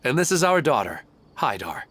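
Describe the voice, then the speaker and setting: A man's voice: medium pitch, big pitch swings, moderate pace, fairly bright tone, slight background noise. An actor playing an earnest, plain-spoken husband and father in a video game, speaking in a heartfelt way. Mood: warm.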